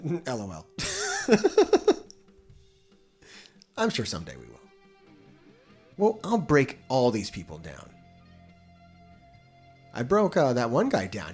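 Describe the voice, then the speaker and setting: A man chats loosely on a live stream, with a lively voice that climbs and drops. He swears freely and laughs often. Soft music plays faintly underneath. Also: mid-range voice, husky. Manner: profane, rambling, laughs often. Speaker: livestream host. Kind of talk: casual live-stream chat.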